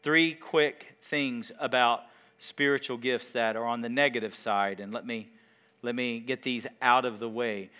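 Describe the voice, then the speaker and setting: A man preaching a sermon, asking the congregation questions and swinging between loud emphasis and quiet, drawn-out words. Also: medium pitch, steady tone, clear, resonant tone. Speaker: pastor.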